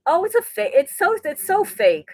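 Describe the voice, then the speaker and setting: Animated older woman on a laptop. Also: very high-pitched, moderate pace, dry recording, rough recording. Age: 60s. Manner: animated, repeats words, laughs often. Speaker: livestream host. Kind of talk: casual livestream chat reading comments. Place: rural home indoors. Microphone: laptop mic.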